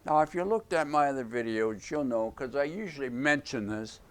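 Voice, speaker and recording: A man's voice: medium pitch, lively intonation, normal speed. A man teaching in an explanatory video lecture, speaking emphatically and repeating his key phrases. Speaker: self-help teacher.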